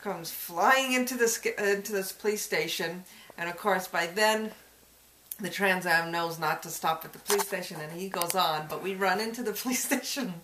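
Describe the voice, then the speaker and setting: A woman's voice: fairly low pitch, normal speed, fairly bright tone, a little hiss or hum. A woman telling a personal story in a folklore interview, chuckling often as she goes. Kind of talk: casual personal anecdote. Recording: echoey room.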